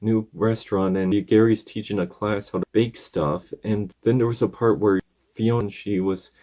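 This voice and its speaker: Give me a man with a mellow, dark voice rambling through an episode recap. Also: fairly low pitch, fairly even intonation, normal speed. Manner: rambling, acts out characters' lines.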